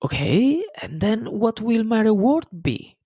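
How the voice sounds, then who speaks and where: A man doing a calm, smiling fisherman, high and gravelly. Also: a little slow, no room sound, clean studio sound, full character voice. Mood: calmly curious. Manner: mild, repeated questioning, hesitant fillers.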